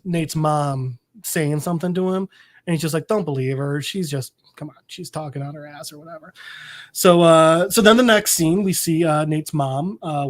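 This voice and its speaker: A podcast co-host recapping a story in casual chat, rambling with lots of fillers and acting out quoted characters. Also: medium pitch.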